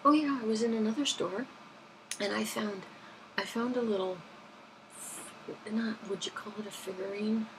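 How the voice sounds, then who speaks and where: Gravelly-voiced woman telling stories. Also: mid-range voice, normal speed, long pauses, noisy background. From London, England. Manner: rambling, self-correcting, chatty. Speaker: vlogger. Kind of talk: casual anecdotal storytelling.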